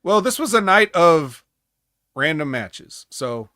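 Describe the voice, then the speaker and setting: A man's voice: fairly high pitch, sing-song, slow pace, sharp tone, no echo, studio quality. A man co-hosting a casual wrestling recap podcast, rambling with sarcastic asides. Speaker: podcast co-host.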